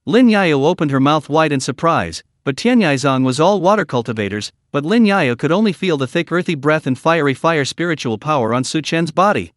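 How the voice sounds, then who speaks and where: A man's voice: on the high side, lively intonation, fairly quick, few pauses, dry recording, clean studio sound. A man narrating a comic recap story in short, choppy phrases.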